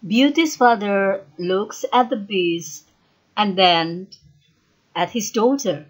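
A woman reading a simple storybook aloud slowly and carefully, lifting her voice for the characters' lines. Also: husky, poor audio. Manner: slow, careful reading with lively pitch on dialogue. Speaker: storybook reader. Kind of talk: slow graded-reader narration.

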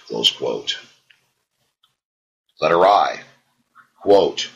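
A man reading an old devotional text aloud, raising his voice for the quoted sayings and dropping low for his asides. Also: lively intonation, gravelly, pushed and bright, husky, low-quality recording. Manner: reads quotes in a raised, fervent tone and asides low and quick. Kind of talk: slow devotional reading with spoken notes.

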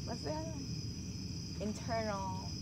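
A giggly woman teases her friends in an outdoor backyard. Her voice is high and lively, and she speaks slowly. Loud crickets chirp all around. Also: heavy background noise. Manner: giggly, teasing banter. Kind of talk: casual chat among friends. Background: crickets and insects.

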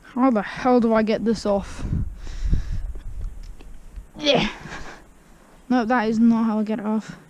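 A high-voiced woman chats her way through a backyard task at an unhurried pace. She is self-mocking and breaks into silly hummed tunes, with faint noise outdoors. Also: steady tone, darkish tone. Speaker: vlogger. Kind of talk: casual vlog commentary. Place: outdoor garden.

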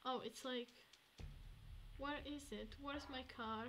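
A woman streaming a game, chatting to herself and swinging between hushed murmurs and excited outbursts. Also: high-pitched, slow pace, slight background noise. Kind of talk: casual gameplay commentary.

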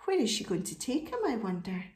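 A woman reading a picture book aloud to children, animated and asking her listeners questions. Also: mid-range voice, a little fast, reverberant, a little hiss or hum. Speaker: storybook reader.

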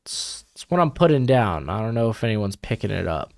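Animated young man rambling through picks. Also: lowish voice, fairly quick, gravelly, no room sound, studio quality, soft background music. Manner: rambling, self-correcting, animated. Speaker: YouTube mock draft host. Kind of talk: casual live commentary.

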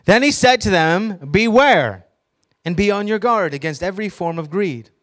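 A man preaching a sermon in a slightly higher voice than most men. He reads scripture aloud with emphasis and keeps asking his listeners questions. Now and then he drops a joking aside. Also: lively intonation, moderate pace, fairly bright tone. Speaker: pastor.

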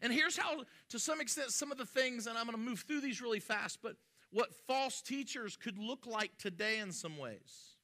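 A man's voice: very high voice, normal speed, sharp tone. A male pastor preaching a sermon in a conversational way, with joking asides and frequent restarts.

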